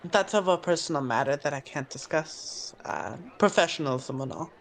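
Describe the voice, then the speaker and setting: A man's voice: a little high, expressive, normal speed, gravelly, a bit bright, some chatter behind, slight background noise. A man playing a tabletop game over online voice chat, speaking in character with polite, formal phrasing. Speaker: player.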